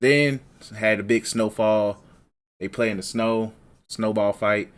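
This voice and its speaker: A man co-hosting a casual podcast, chatting and joking in a relaxed way. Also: fairly low pitch, takes it slowly. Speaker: podcast co-host. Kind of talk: casual anime recap chat.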